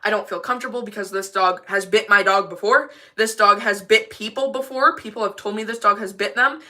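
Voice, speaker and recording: A woman's voice: medium pitch, a little fast, sharp tone. A woman with a service dog ranting casually and defiantly on a livestream from her bathroom, rambling and emphatic.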